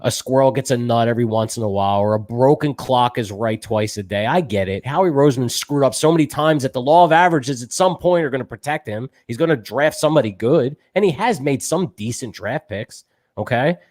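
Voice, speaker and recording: A man co-hosting a sports talk show, talking fast and emotionally as a self-described fan. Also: mid-range voice, darkish tone.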